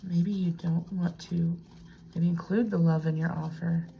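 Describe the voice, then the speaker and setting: A tarot reader works through a casual reading in a home room with a piano desk, talking to herself chattily and slipping into whispers. She speaks at a measured pace in a lowish, steady voice with vocal fry, over dull audio with slight background noise.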